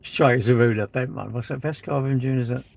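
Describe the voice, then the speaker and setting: A man's voice: medium pitch, quick pace, vocal fry, highs cut off. A man, chatting on a live stream in a rambling, blunt way, with crude banter and answers to viewers' comments. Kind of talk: casual live-stream chat.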